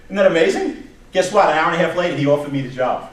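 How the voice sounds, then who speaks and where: A man, giving an animated talk at a staff workshop, telling stories and repeating words as he goes. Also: on the high side, quick pace. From New York area. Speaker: job search presenter. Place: meeting room. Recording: echoey room from far off, faint noise.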